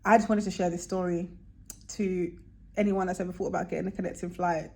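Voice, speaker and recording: A young woman vlogging, casually telling a travel story and acting out the voices of people she quotes with big jumps in pitch. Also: steady tone, fairly quick, dark tone.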